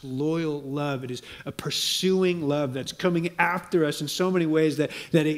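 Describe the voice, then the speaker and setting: A man preaching a sermon, earnest and measured, dropping to soft low tones to press a point and reading quotations aloud. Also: fairly even intonation. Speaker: pastor.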